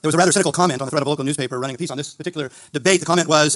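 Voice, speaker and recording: A man giving a formal, gently ironic closing statement at a debate event. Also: on the high side, very fast, few pauses. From Italian heritage.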